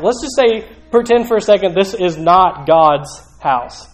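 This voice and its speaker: Man, middle-aged pastor, high voice, casual sermon, hushed then emphatic. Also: lively intonation, normal speed, few pauses, reverberant, low-quality recording. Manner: emphatic, swings from hushed asides to raised exclamations. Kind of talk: conversational sermon.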